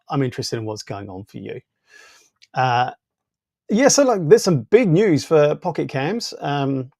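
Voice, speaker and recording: A man with a gravelly, slightly congested voice hosts a live stream, chatting in a loose, rambling way. His pitch sits in an ordinary middle range. The sound is close and dry from a small clip-on mic. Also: a little mellow, no echo. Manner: rambling, loose, full of fillers. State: voice weakened by congestion. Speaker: tech channel host. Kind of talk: casual live stream chat. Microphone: small wireless clip-on mic.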